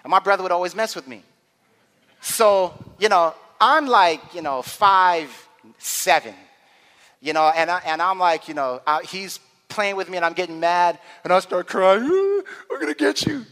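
A man preaching a sermon with dramatic swings from quiet murmurs to loud climaxes. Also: sits high, moderate pace, clear, resonant tone. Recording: long hall reverb.

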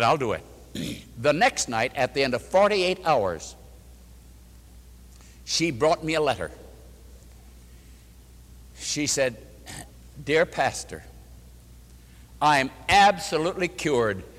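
A man's voice: on the high side, big pitch swings, slow pace, long pauses, fairly bright tone. Older man preaching in an echoing hall. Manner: emphatic, repeats phrases for rhythm, acts out quoted speech. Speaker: pastor. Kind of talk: sermon with storytelling. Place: church or meeting hall before an audience. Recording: hall with long reverb.

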